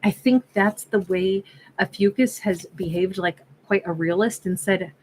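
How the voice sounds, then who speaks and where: A woman's voice: mid-range voice, a little slow, darkish tone, a little hiss or hum, low-quality recording. A woman giving a casual tarot reading, chatty and musing, often stopping and restarting, and acting out imagined conversations. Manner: frequent self-interruptions and restarts. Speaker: tarot card reader.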